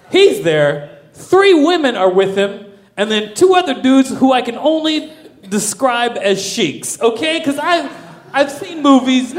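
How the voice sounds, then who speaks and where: Male stand-up storyteller, lively swooping pitch, unhurried, profane, laughing as he goes. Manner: animated, profane, often laughing through lines. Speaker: comedian.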